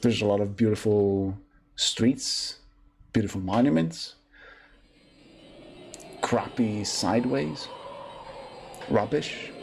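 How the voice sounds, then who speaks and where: A man's voice: on the low side, takes it slowly, vocal fry, long pauses, slight background noise. A young man casually chatting and joking with his live-stream chat while playing a game. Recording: loud game music behind voice.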